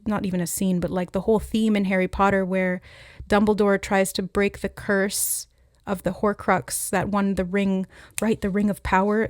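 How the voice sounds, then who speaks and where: A woman's voice: mid-range voice, dry recording, studio quality. Earnest woman giving a spiritual reading. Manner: earnest and reflective, pausing to relay messages she hears. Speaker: intuitive tarot reader.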